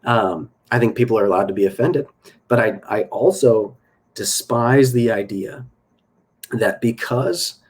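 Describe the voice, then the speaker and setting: Guy rambling on his own podcast, kinda husky, lower voice, says what he thinks. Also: measured pace. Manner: opinionated, rambling with fillers and restarts. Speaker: podcast host. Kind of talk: casual solo podcast monologue.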